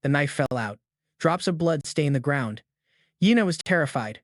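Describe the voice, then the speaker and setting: Male recap narrator, slightly high voice, dry close-mic read, flat scripted delivery for all parts. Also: normal speed, no echo.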